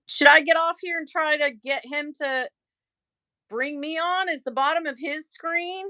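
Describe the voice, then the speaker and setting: A middle-aged woman hosts a casual livestream, speaking directly to her viewers in a rambling, exasperated manner. Her voice is high and bright, and she talks at an unhurried pace.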